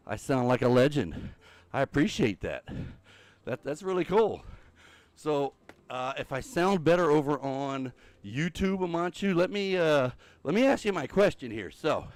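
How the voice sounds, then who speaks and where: Breathless from the treadmill, this older Minecraft streamer chats casually with viewers during gameplay, rambling and thinking out loud. His pitch is fairly high, and there's no room sound.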